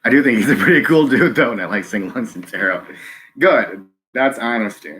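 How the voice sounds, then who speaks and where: A man hosting a live stream, reading chat and speaking earnestly, halting with many ums and restarts, close to tears. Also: mid-range voice, a bit bright.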